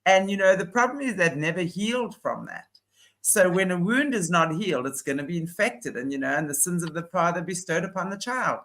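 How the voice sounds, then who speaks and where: A man's voice: high voice, lively intonation, brisk, fairly bright tone. A man co-hosting a casual chat, giving opinionated, explanatory commentary. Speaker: podcast co-host. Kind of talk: casual chat about a news case.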